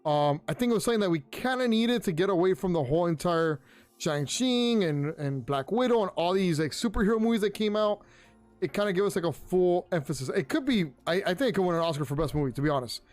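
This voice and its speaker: Young guy with a high voice rambling on a podcast, lots of restarts, faint music under it. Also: fast talker. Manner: rambling, restarts often, excitable asides. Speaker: podcast host. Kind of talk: casual review chat. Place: home room.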